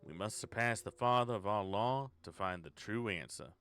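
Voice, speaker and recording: A man voicing a solemn male note writer in a put-on Southern US accent, reading slowly and grandly. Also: fairly low pitch, a bit bright, clean tone, natural voice. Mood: grandiose.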